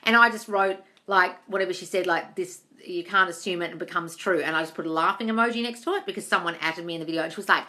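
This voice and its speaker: Blunt, sweary woman with a bright voice. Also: on the low side, fast talker, hardly any pauses. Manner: blunt, sweary, calls viewers darling. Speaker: manifestation coach answering live chat questions. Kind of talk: live-stream Q&A, reading comments aloud.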